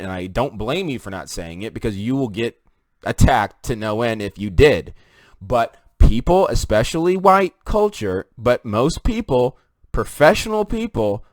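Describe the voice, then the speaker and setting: A man's voice: medium pitch, no room sound. A man delivers an opinion monologue right into the camera. He talks with emphatic, preachy force and keeps turning to his viewers. His voice sits in a middle range, and the recording is dry and close. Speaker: commentary video host.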